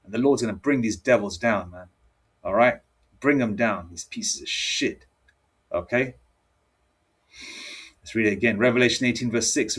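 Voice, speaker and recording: A man's voice: on the low side, normal speed, long pauses, fairly bright tone, husky. A man preaching angrily and reading scripture aloud. He talks in a combative way and keeps checking in with "all right?" and "okay?". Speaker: religious teacher.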